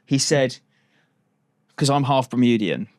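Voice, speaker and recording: A man's voice: medium pitch, unhurried, a little mellow, no room sound, studio quality. A man hosting a podcast in casual chat, chatty, laughing often and swearing casually. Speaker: podcast host.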